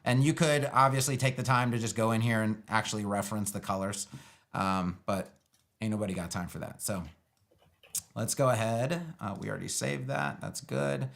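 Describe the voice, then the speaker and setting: A man thinking out loud through a live web-building demo, loose and sarcastic, with lots of fillers. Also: fairly low pitch, normal speed, gravelly. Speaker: web design educator building a page live. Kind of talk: casual live screen-share tutorial.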